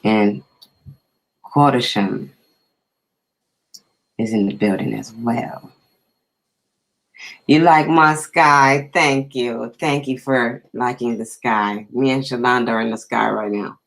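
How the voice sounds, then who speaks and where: A man's voice: mid-range voice, takes it slowly, gravelly, long pauses, a bit bright, poor audio. A man hosting a casual live stream, chatting easily and greeting viewers by name.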